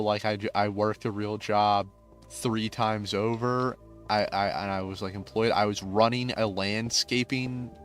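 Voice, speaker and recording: A man's voice: fairly low pitch, fairly bright tone. A man in his twenties rambling casually with many filler words while playing a game.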